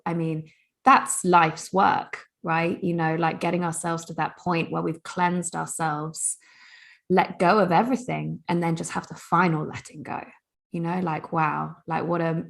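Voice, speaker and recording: A woman speaks in a low, gravelly voice with a lot of vocal fry. She muses earnestly in a reflective podcast conversation and leans on "you know, like" as she thinks.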